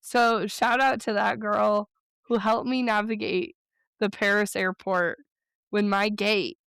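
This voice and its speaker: A woman co-hosting a podcast in casual chat, telling stories in a chatty, rambling way with quick bursts. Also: medium pitch, level tone, creaky, a bit bright, smooth, dry recording, studio quality. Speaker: podcast co-host.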